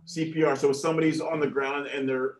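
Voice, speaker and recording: A man's voice: mid-range voice, fast, crowd noise. A man telling jokes casually to program participants, laughing at his own punchlines. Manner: chuckles at his own jokes, lively delivery. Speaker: joke reader for program participants. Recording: echoey room.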